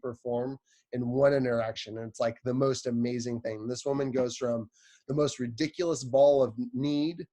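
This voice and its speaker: A man's voice: mid-range voice, a little mellow. Chatty young-sounding man preaching casually. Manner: chatty, lots of "like", playful storytelling. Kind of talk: casual sermon.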